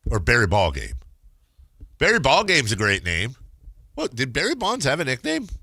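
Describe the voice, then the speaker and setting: A man hosting sports radio in casual, playful banter. His voice is bright and swings widely in pitch. The booth sounds dry and close. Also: huge pitch swings, creaky, no room sound. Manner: playful, riffing, quick to laugh.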